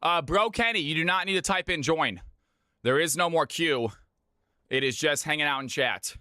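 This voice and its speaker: Man, game stream host, high voice, dry close sound, energetic shout-outs. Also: moderate pace, no room sound. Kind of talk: live stream hosting.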